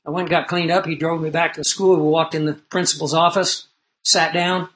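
High-voiced man preaching a sermon. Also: little pitch movement, brisk, rough recording. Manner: earnest storytelling preacher, swings from loud emphasis to low asides.

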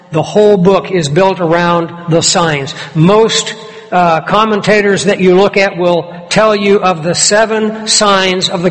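Man, preacher, high voice, emphatic expository sermon, long reverb. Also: a bit bright.

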